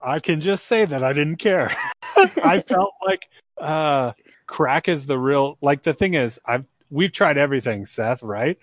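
A man's voice: fairly high pitch, sing-song, measured pace, no room sound. A man co-hosting a casual podcast chat, speaking in a wry, candid way and laughing along. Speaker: co-host.

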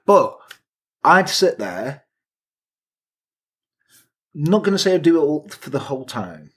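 Husky man telling crude true-crime jokes. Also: fairly high pitch, very animated, takes it slowly, fairly bright tone. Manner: crude, jokey, sarcastic asides. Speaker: podcast co-host. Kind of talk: casual comedic true-crime storytelling.

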